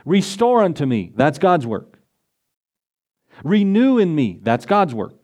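A man delivers a sermon to a congregation in a slightly high voice. He preaches in a conversational way and acts out prayers and quoted lines as he goes. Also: big pitch swings, takes it slowly, a little mellow. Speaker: pastor. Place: church in front of a congregation.

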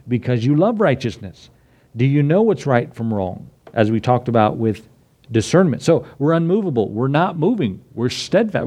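A man preaching a sermon in a relaxed, conversational way. He breaks off into asides and chuckles often. His pitch sits at an ordinary middle level for a man. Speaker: pastor.

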